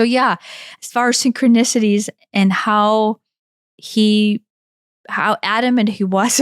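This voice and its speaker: Brief: a woman, animated and rambling, recorded very dry and close. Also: mid-range voice, no echo. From Kentucky, USA. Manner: animated, rambling, with frequent restarts and "like". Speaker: podcast co-host. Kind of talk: casual storytelling chat.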